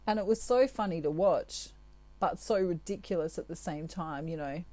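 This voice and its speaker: A woman, a tarot reader, giving spiritual advice to her viewers in a chatty, gentle way with asides. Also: fairly low pitch, moderate pace, no echo.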